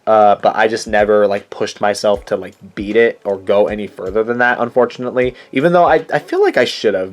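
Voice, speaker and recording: A young man hosting his own channel, chatting casually and rambling through his game collection, often correcting himself mid-sentence. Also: fairly low pitch. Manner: rambling, chatty, self-correcting with many fillers. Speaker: channel host.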